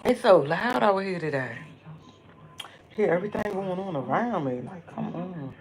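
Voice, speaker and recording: A woman's voice: fairly low pitch, expressive, normal speed, faint music behind. Chatty woman hosting a casual live stream. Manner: chatty, greets viewers by name and reads comments aloud; rambling storytelling with many restarts.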